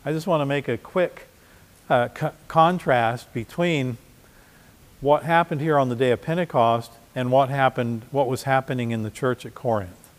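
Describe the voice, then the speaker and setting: Preaching man in a reverberant hall. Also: medium pitch. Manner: conversational preaching with repeated restarts. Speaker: pastor. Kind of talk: sermon. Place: church.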